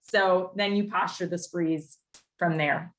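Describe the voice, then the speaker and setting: A young woman leading her sales team over a video call. She talks in an animated, rambling way and says "like" often. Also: lowish voice, slow pace. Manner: animated and rambling, heavy use of "like". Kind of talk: casual coaching talk.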